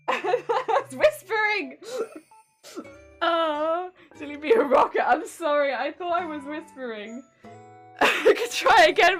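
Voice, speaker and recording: A chatty British woman on a live stream whose high voice swings all over the place as she giggles through her crafting. Soft music plays faintly underneath her. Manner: giggly, chatty, often bursts out laughing. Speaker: cosplay streamer. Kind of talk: casual live-stream chat while crafting.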